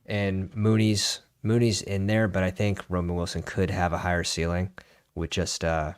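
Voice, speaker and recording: A man's voice: sits low, level tone, smooth, no room sound, clean studio sound. A man joining a fantasy football stream as a guest, chatting casually and agreeing easily. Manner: laid-back, agreeable, lots of quick yeahs and mm-hmms. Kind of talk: casual chat while drafting.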